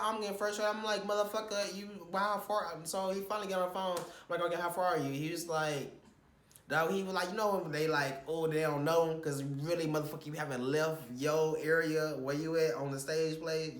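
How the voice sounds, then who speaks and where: With a fairly high-pitched voice and a slightly fast delivery, a young man tells a casual vlog story about a stressful shoot. He's rambling and animated, swearing as he goes over his frustrations, and the room sounds echoey.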